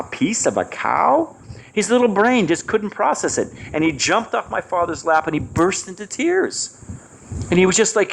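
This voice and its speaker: A man telling a personal story at a devotional gathering, his voice sitting a little higher than most men's and swinging widely up and down as he goes. He acts out the people in the story with quick changes of voice, and there is a faint hum of ambience behind him. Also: vocal fry. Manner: animated, acts out quoted voices. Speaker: speaker at a devotional retreat.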